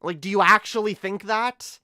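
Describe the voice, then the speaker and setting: Male streamer, high clear voice, profane stammering rants, dry close sound. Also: moderate pace, bright, forceful tone, no room sound. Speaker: streamer reacting to videos. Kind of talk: casual reaction commentary.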